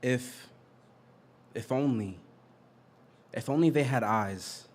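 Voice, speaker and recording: A man performing spoken word poetry at an open mic, reciting in a measured, rhythmic way. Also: mid-range voice. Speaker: poet.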